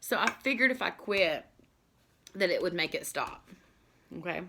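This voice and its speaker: A woman's voice: on the low side, animated, normal speed, sharp tone. Casual woman vlogger, earnest confessional storytelling, loose and rambling, lots of fillers. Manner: rambling, filled with "like" and "you know". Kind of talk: candid personal storytelling to camera.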